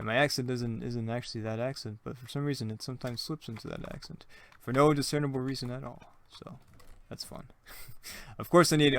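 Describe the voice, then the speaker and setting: A young man talks through a building game in a loose, rambling way, thinking out loud and cracking self-mocking jokes. His voice has a gravelly, fry-tinged edge. His pitch sits right in the middle of the male range. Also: dry recording. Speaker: gaming channel host. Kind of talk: casual let's-play commentary.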